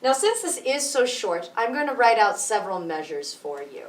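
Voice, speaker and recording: A woman music teacher explaining rhythm slowly and patiently, counting beats out loud. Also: a little high, sing-song, distant mic, a little hiss or hum. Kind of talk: rhythm tutorial with counting aloud. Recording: echoey room, voice from off mic.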